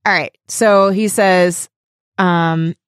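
A woman co-hosting a podcast in casual chat, reading a scene aloud in a low, soft voice. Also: steady tone, drawn-out words, clear, resonant tone, no room sound, studio quality. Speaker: podcast co-host.

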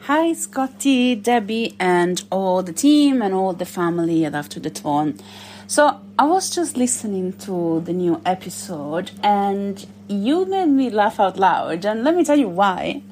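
A woman's voice: mid-range voice, expressive, unhurried, a little mellow, slight background noise. Giggly Italian woman leaving a voice note. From Italy. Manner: amused, giggly, teasing. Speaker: caller leaving a voice message. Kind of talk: voice message.

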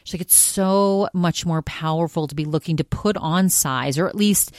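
A woman with a notably low voice hosts her own podcast solo, chatting casually as she recaps another show. She keeps quoting people, stringing thoughts together in an easy, conversational flow. The sound is dry and close, with no room echo. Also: normal speed, a little mellow. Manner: chatty retelling, constantly quoting others with "she's like". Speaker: podcast host.

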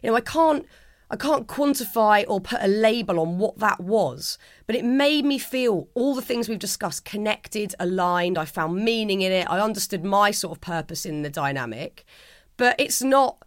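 A woman's voice: mid-range voice, lively intonation, normal speed, no room sound, clean studio sound. A middle-aged woman, a guest in an interview, speaking in a heartfelt, earnest way, often restarting her sentences. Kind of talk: reflective interview conversation.

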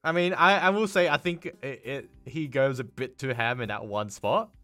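A young man chats as a podcast co-host in a laid-back, teasing way. His voice sits at a middling pitch. The recording sounds dry, with no room echo. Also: moderate pace, a bit bright, faint music behind. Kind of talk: casual chat.

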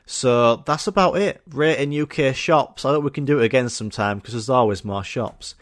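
A young man hosts a podcast, rambling through a casual comedic monologue full of swearing and jokes. He speaks at medium pitch and normal speed.

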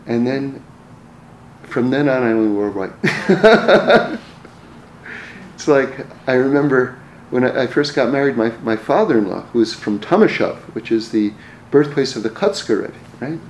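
Man, mid-pitched, relaxed storyteller who stumbles and restarts, recorded in a roomy space with faint background hum. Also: moderate pace. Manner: repeats words in restarts, chuckles at his own stories. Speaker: speaker telling personal stories. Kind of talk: casual storytelling talk. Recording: roomy echo, faint ambience.

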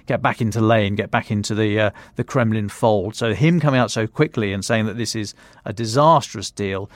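A man's voice: fairly low pitch, dry recording. Guy giving news analysis, keeps restarting his sentences, dry close mic. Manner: halting, with many restarts. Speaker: contributor.

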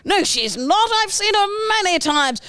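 A woman's voice: very high voice, very animated, normal speed, a bit bright, no echo, clean studio sound, heavily acted. A woman voicing a stubborn posh English woman ghost, haughty and indignant. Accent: posh English put-on.

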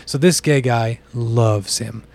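A man from the US South tells a road-trip story on a podcast in a relaxed, chatty way. His voice sits at a middle pitch. He jumps higher and louder whenever he acts out what other people said. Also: slow, creaky. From US South (Bible Belt). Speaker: podcast guest. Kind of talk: casual storytelling.

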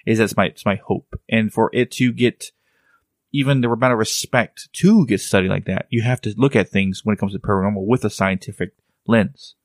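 Male podcast co-host, lower register, rambling casual delivery, dry sound. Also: fairly quick, no echo. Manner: rambling, restarts, teasing. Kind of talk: casual chat.

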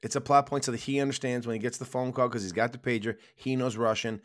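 An American man riffing on a film podcast, his voice sitting in an ordinary middle pitch. He swears constantly and rants with mocking exasperation, piling up complaints. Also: flat delivery, fast. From United States. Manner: profane, ranting, mocking. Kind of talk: casual film-review chat.

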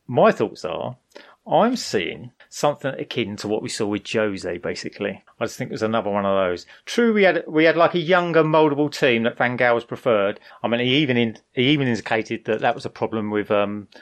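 A man's voice: medium pitch, lively intonation, brisk. Chatty male podcast storyteller. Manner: chatty, storytelling, sarcastic asides. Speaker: podcast co-host.

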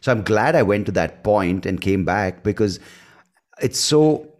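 A man's voice: lowish voice, lively intonation, measured pace. A man who hosts a podcast and does comedy, telling stories in a loose, casual chat full of restarts. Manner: loose storytelling with laughs and restarts.

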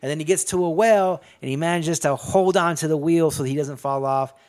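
A man's voice: fairly high pitch, fairly quick, darkish tone. A man casually retelling a movie plot in a rambling, profane style, full of restarts and asides. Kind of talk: casual movie recap chat.

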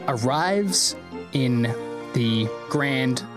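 A man at mid pitch narrates a tabletop game as game master, painting scenes in long, rambling descriptions. Guitar music plays clearly behind him. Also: lively intonation, very slow. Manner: descriptive, rambling with fillers, laughs often.

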